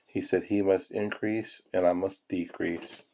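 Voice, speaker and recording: A man's voice: low voice, steady tone, a little slow, mellow, slight background noise. A man hosting a coin-hunting video, chatting casually with viewers in a folksy way while sorting pennies. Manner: folksy, chuckles often, addresses viewers as folks. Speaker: coin-roll hunting channel host. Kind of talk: casual chat while searching coin rolls.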